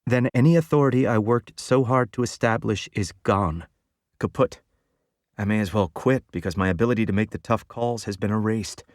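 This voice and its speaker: A man's voice: on the low side, moderate pace, a little mellow, no room sound, studio quality, natural voice. A man voicing a stern, guarded older woman who works as a film producer in an audiobook, speaking in a clipped way. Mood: defensive. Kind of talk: audiobook narration.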